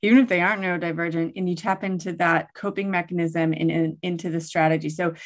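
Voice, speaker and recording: Chatty expert woman, lower voice. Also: fast. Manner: animated, acts out quoted lines to kids. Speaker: guest expert on child coping. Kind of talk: casual conversational explaining.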